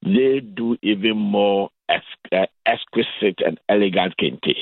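A man from Ghana with a Ghanaian accent, calling in as a guest on a radio interview and explaining things in a measured way. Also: fairly low pitch, vocal fry, dry recording. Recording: phone-line sound.

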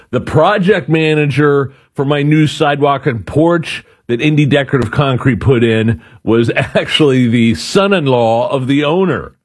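Male radio host, live ad read, friendly, personal endorsement. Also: fairly high pitch. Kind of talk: casual live-read advertisement.

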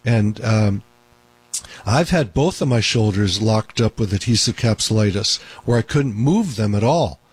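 A man's voice: lowish voice, lively intonation, a little slow, slightly rough. A man hosting a call-in radio show as a doctor, talking in an emphatic, repetitive way. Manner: talkative, emphatic, repeats points.

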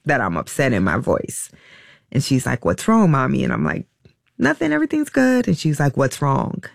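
A middle-aged woman telling a personal story in a halting, emotional way, with many restarts and fillers. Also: a bass voice, creaky, no room sound, clean studio sound. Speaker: interview guest.

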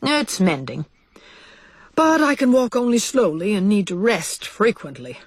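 A woman's voice: mid-range voice, sing-song, husky, dry recording, pitched above the performer's own voice. A woman playing a kindly old male white mouse. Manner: courteous, measured.

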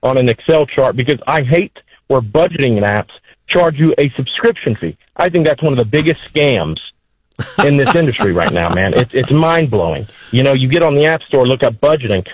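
A man's voice: mid-range voice, expressive, normal speed, slightly rough, dry recording. Young man, caller, tinny phone line, hesitant, lots of um and uh, dry. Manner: hesitant, many fillers. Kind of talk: phone call to a radio show.

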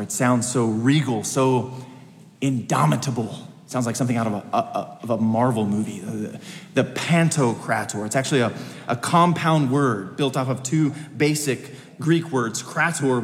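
A male preacher delivering a sermon in a church with a long, ringing reverb. His voice sits a little high for a man and drives points home by repeating phrases. He swings between urgent high peaks and low, quiet drops.

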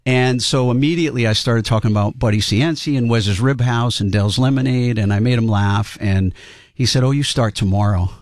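A man in his fifties from Rhode Island, speaking with that state's accent, appears as a guest in a casual interview, a sitcom and cartoon writer sharing chatty anecdotes. His mid-range voice is brisk, recorded in studio quality with no echo.

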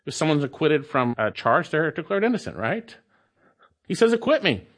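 Emphatic preacher man, lively pitch. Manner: emphatic, repeats key phrases with dramatic pauses; stretches words slowly for emphasis, then speeds up. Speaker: pastor. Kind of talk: expository sermon.

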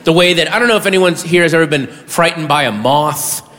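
Guy doing stand-up, bright high voice, jumps around a lot, yells punchlines, echoey hall. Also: brisk. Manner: animated, bursts into high shouted punchlines. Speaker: stand-up comedian. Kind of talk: stand-up comedy routine.

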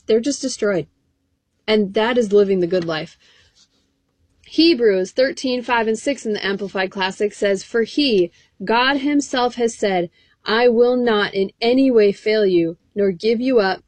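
A woman's voice: a little high, dry recording. A woman preaching an encouraging sermon, reading scripture verses aloud in an earnest way.

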